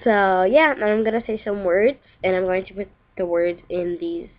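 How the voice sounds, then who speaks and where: A woman's voice: mid-range voice, normal speed, muffled recording. A young woman from the United States, chatting offhand and rambling to camera as a vlogger. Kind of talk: casual chat to camera.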